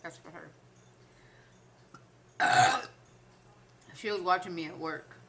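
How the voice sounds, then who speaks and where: A woman's voice: fairly low pitch, fairly even intonation, extremely slow, gravelly, very noisy. A woman vlogger chatting casually while she eats, telling a rambling story and trailing off between bites. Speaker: mukbang vlogger. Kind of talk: casual chat while eating.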